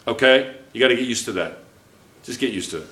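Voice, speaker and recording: A man's voice: mid-range voice, lively intonation, fast talker, bright, forceful tone. A man teaching a chemistry class, thinking aloud at the board, correcting himself and checking in with the students again and again. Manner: checks in constantly with "okay?", restarts and self-corrects. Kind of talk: classroom lecture at a whiteboard. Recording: echoey classroom, recorded from a distance.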